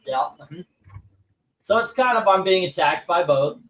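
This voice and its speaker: A man with a slightly higher voice hosts a live comic book auction stream in loose, casual chat. He rambles, fills his talk with "uh" and "um," and jokes at his own expense. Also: expressive, normal speed, far from the mic, poor audio. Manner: rambling, full of filler words, self-mocking.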